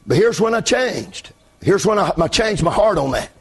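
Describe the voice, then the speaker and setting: A male pastor delivers a fiery revival sermon, his voice pitched unusually high. It has a husky, raspy edge as he shouts and half-chants his points from a church pulpit. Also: very animated, moderate pace. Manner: shouted, chanting preaching cadence.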